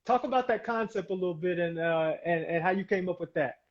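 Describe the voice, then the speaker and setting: A man hosting a casual interview, reacting in an effusive, animated way. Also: high voice, quick pace, muffled recording. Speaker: host.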